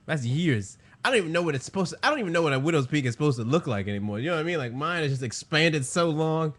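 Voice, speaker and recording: A man's voice: on the high side, lively intonation, rapid-fire. A man co-hosting a casual comedy podcast, riffing with lots of swearing and the odd put-on voice. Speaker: podcast co-host. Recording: live-streamed podcast.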